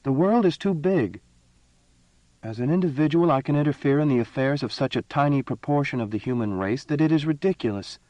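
A man voicing a proud, impatient young empress in an audiobook reading, speaking higher and more commandingly than his own voice. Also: a little mellow, no room sound, highs cut off, close to an everyday voice. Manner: raised pitch, commanding and cutting.

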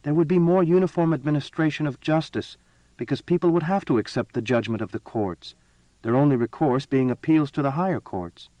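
A man voicing a proud, impatient young empress in an audiobook reading, speaking higher and more commandingly than his own voice. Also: fairly quick, warm tone, no echo, lightly acted. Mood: imperious. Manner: raised pitch, commanding and cutting.

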